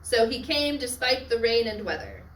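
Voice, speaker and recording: Teacher lecturing in an echoey classroom. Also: female voice, fairly high pitch, very animated, recorded from a distance, a little hiss or hum. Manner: checks in often with students, quick asides. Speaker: Latin teacher.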